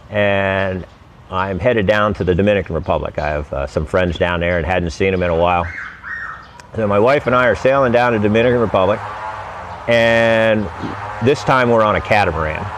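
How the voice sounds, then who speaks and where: A man tells a rambling travel story in a relaxed, wry manner. His voice sits fairly low. Music plays clearly behind him. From United States. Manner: laid-back, wry, rambling anecdotes. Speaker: vlogger recounting sailing travels. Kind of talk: casual storytelling.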